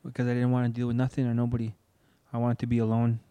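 A man's voice: mid-range voice, completely flat delivery, rapid-fire, dark tone, smooth. A young man telling his personal story of loss in an earnest, emotional way, acting out what people said to him. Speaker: guest. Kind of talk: personal testimony in conversation.

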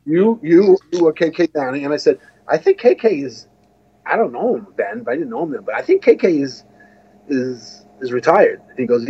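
A man's voice: on the high side, lively intonation, fairly quick, warm tone, breathy edge, muffled recording. An American man telling a long story as an interview guest, rambling with many restarts and asides. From United States. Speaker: guest musician.

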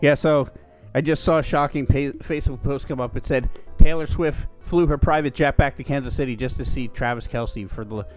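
A man's voice: mid-range voice, fairly quick, few pauses, a little mellow, faint music behind. A man co-hosting a podcast, telling a long profane story in casual chat and putting on quoted voices. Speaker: podcast co-host.

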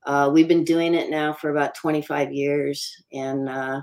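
A middle-aged woman, a paranormal investigator, speaking as a guest in a casual interview, pausing often with ums and uhs. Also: low voice, level tone, a little mellow, poor audio. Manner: halting, many ums and uhs.

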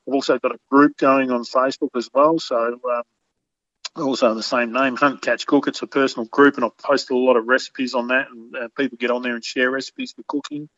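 A man's voice: mid-range voice, fairly bright tone, no echo, highs cut off. An Australian man guesting on a podcast, rambling casually and calling everyone mate. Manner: rambling, says "mate" constantly, friendly and eager. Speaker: guest, game meat cook. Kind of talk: casual interview chat.

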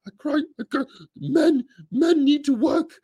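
A man doing a mocking impression of a weepy male pundit, whining and sobbing in a high voice. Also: unhurried, dark tone. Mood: whiny tearful. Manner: high, whiny, crying and sobbing. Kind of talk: comedic impression.

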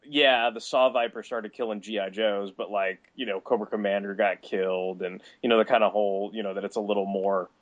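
A man's voice: lowish voice, steady tone, a little fast, few pauses, highs cut off. A man co-hosting a podcast in casual chat, rambling and filling his talk with "like" and "you know". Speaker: podcast co-host.

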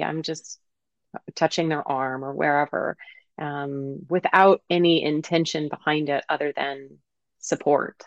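A woman manual therapist speaking as a podcast guest in gentle, reflective conversation, laughing easily. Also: deep voice, creaky, no room sound. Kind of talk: casual conversation. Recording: slightly muffled dry sound.

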